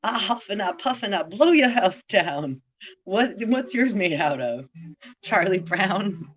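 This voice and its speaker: Woman rambling about spirit stuff, slow, swears a lot, muffled lo-fi audio. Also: medium pitch, big pitch swings. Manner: profane, free-associating word play. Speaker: spiritual vlogger. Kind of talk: rambling monologue.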